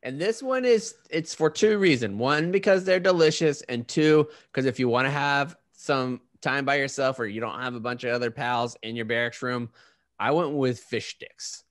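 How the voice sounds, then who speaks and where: A man's voice: mid-range voice, moderate pace, no room sound, studio quality. A man hosting a casual group chat, joking and swearing.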